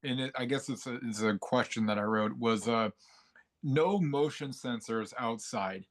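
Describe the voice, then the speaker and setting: A man's voice: mid-range voice, moderate pace. Hesitant man thinking aloud about a movie. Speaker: podcast co-host. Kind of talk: casual movie discussion.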